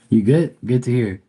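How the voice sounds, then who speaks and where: A man's voice: medium pitch, warm tone, breathy edge. A man hosting a casual live stream from home, greeting viewers by name and teasing his dog in a laid-back way. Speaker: live stream tarot reader.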